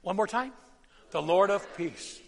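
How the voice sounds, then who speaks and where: A man preaching a sermon, swinging from loud bursts to hushed drops and having the congregation repeat phrases after him. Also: high-pitched, animated, a little slow, gravelly. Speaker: pastor. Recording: long hall reverb.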